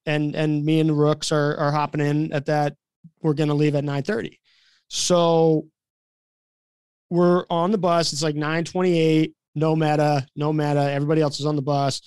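Male podcast co-host, animated storyteller, fairly high voice, dry close sound. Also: moderate pace, clear, resonant tone, dry recording. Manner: animated, acts out quoted voices. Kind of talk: casual storytelling.

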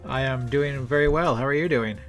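Man hosting a podcast over soft music. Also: medium pitch, brisk. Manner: hesitant, rambling questions. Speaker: podcast host. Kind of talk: scripted podcast intro and interview.

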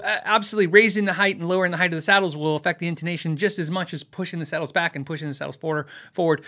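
A man with a fairly high, bright and forceful voice hosts a casual live Q&A. He rambles in an easygoing way, with plenty of fillers, restarts and short laughs. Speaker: livestream host answering viewer questions on guitars.

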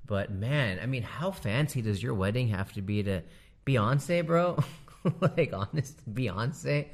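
A man doing a casual comedic monologue, animated and slangy, laughing often as he riffs. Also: mid-range voice, slow pace.

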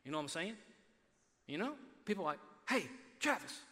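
A man from Texas preaching a sermon in a church hall, his high, bright voice carrying into a long reverb. He repeats words for emphasis and swings from loud declarations to hushed asides. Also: big pitch swings, brisk.

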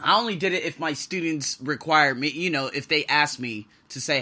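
A man's voice: fairly high pitch, normal speed, few pauses, bright, forceful tone. Give me a blunt man ranting through a casual podcast monologue, with a piercing voice. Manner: blunt, ranting, swears freely. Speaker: podcast host and English teacher. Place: living and working abroad.

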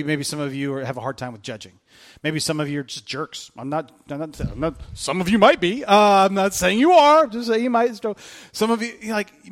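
A middle-aged man preaching a casual sermon as pastor, joking with the congregation and acting out quoted lines. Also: mid-range voice. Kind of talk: conversational sermon.

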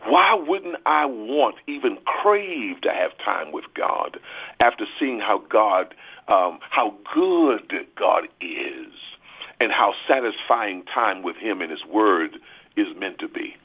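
A man's voice: fairly low pitch, big pitch swings, slow, slightly rough. A man preaching earnestly, stressing key words and repeating himself as he starts phrases. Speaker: pastor. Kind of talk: sermon on a prayer call. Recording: tinny phone line.

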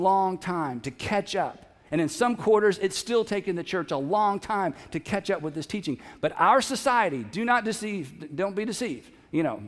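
A man's voice: high voice, a bit bright. A male pastor preaching a sermon in a church, conversational and joking with the congregation. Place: church sanctuary. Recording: long hall reverb.

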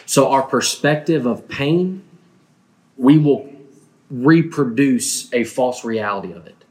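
A man's voice: medium pitch, a little mellow. A man preaching a sermon, telling a personal story earnestly, often restarting his words. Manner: earnest, halting with frequent restarts.

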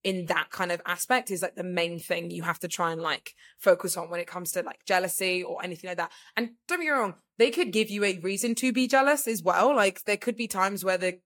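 A woman's voice: on the low side, a little fast, few pauses, a bit bright. A woman co-hosting a podcast, chatting casually and rambling with lots of fillers. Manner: rambling, filler-heavy, says "like" constantly. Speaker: podcast co-host. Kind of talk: casual chat.

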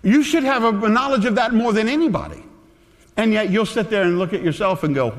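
Earnest preacher in a reverberant hall. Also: male voice, high-pitched, animated, a little fast. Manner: earnest, conversational preaching that drops soft and tender. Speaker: pastor. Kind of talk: sermon.

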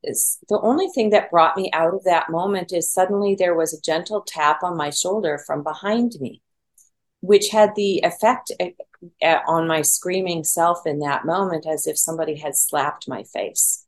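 A woman's voice: fairly low pitch, normal speed, low-quality recording. A middle-aged woman telling a candid personal story, self-deprecating and full of fillers. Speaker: podcast guest.

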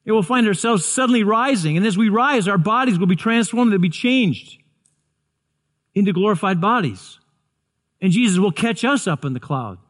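In his 60s, this pastor preaches with a high-sitting voice at a moderate pace. He is earnest, repeats himself, stumbles and restarts words, and works up to excited shouting.

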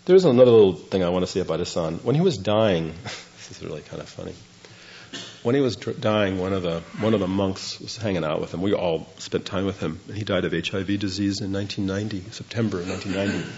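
A man's voice: deep voice, quick pace, a little mellow. An older man, a Zen monk, telling a rambling, self-deprecating story to a group and laughing through the funny parts. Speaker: Zen monk giving a dharma talk. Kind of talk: storytelling talk. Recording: dull lo-fi recording.

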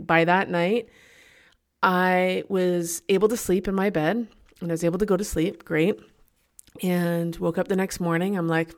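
A woman with a fairly low voice hosts a podcast and tells a personal story in a loose, chatty way. She keeps her delivery animated and laughs at herself as she talks. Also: normal speed. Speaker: podcast host.

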